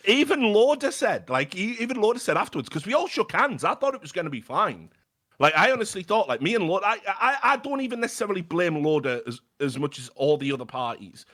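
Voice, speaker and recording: A British podcast guest tells a story in a casual, chatty way. His voice sits high and he talks fast, animated and swearing freely, often stammering and starting over.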